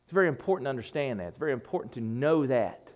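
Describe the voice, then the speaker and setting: A man's voice: mid-range voice, lively intonation, rapid-fire, muffled recording. A man preaching a sermon, emphatic, repeating phrases and dropping his voice for effect.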